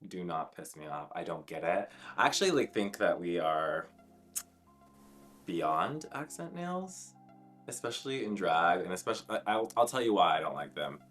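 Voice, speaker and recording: Sassy deep-voiced man critiquing drag looks. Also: very animated, normal speed, fairly bright tone, faint music behind. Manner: sassy, blunt and profane critique; chatty, full of "like" fillers. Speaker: drag queen commentator reviewing runway looks. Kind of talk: casual runway commentary.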